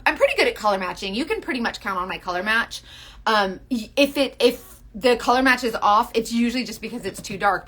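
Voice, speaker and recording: A woman's voice: fairly high pitch, a bit bright. A woman selling makeup on a live stream, chatty and earnest, talking straight to her viewers and often restarting her sentences. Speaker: makeup seller.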